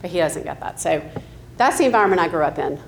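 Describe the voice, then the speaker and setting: A woman's voice: fairly low pitch, animated, quick pace, creaky. A woman in her fifties from the American South, telling her life story with candid asides, ums and light laughs. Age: 50s. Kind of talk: personal testimony.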